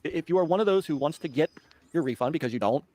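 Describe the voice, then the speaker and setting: A man's voice: a little high, expressive, fast, crowd noise. A man on a gaming livestream, reading a company statement aloud and commenting on it. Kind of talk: casual livestream chat.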